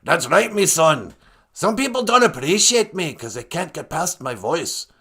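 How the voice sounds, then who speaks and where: Man doing a gruff, pirate-like creator spirit, booming and fatherly, high-pitched for him. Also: very animated, measured pace, sharp tone, heavily acted. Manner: booming, fatherly, calls others "me son".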